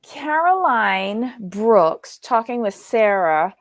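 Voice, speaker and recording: A woman with a fairly high voice talks slowly and casually through her show recap. She rambles, fills gaps with ums and starts sentences over. The recording is dry and close. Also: sing-song, no room sound. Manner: chatty, rambling with fillers and restarts. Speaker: podcast co-host.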